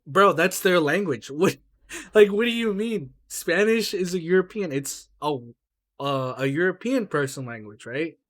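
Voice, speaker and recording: High-pitched and unhurried, this man co-hosts a casual podcast, talking heatedly and animatedly. He swears and asks "right?" again and again, with plenty of "bro" mixed in.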